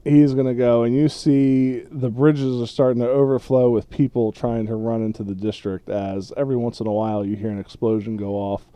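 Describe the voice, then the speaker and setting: A man runs a tabletop game, narrating loosely with stops and restarts. His voice is mid-pitched and easygoing. The sound is dry and close, with no room echo. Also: steady tone, mellow, clean tone. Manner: loose, laughing, halting narration. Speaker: game master.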